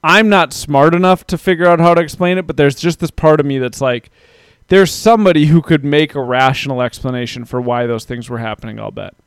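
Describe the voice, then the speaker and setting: A man's voice: a little high, a little fast, clean tone, dry recording. A man hosting a casual podcast chat, talking loosely and reading out listener comments. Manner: chatty, self-deprecating, reads out listener comments. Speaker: podcast host.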